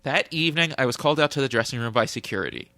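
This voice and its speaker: A man's voice: medium pitch, expressive, rapid-fire, pushed and bright, no room sound. A man co-hosting a podcast, reading a story aloud in a mock-solemn tone and chatting casually. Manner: reads aloud with mock solemnity, breaks into laughter. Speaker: podcast co-host. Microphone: close studio mic.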